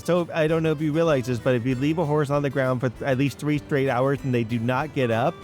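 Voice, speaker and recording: A man's voice: mid-range voice, fairly quick, few pauses, a little mellow, faint music behind. A man hosting a train-simulator gameplay video, chatting casually and telling rambling stories straight to his viewers. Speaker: gaming channel host. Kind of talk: casual gameplay chat and storytelling.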